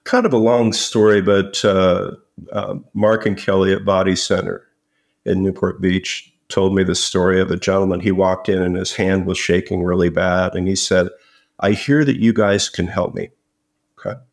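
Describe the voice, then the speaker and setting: A man's voice: sits low, completely flat delivery, moderate pace. A man as an interview guest, telling stories casually and often repeating words. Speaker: company founder guest. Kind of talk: conversational interview.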